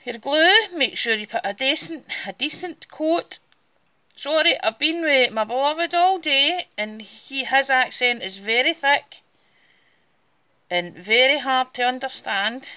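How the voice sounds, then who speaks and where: A woman's voice: high voice, expressive, a little slow, sharp tone. A woman with a Scottish Borders accent, chatting casually through a step-by-step craft demonstration while she works with her hands. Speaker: craft tutorial host.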